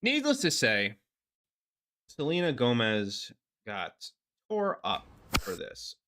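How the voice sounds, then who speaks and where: A man's voice: medium pitch, wildly swooping pitch, takes it slowly, bright, forceful tone. A man hosting a political commentary show, ranting sarcastically. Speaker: host.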